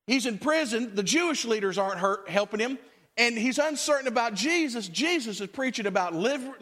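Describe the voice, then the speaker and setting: A man's voice: extremely high pitch, fairly bright tone. A man preaching a sermon as pastor, talking to his congregation in a conversational way and acting out quotes.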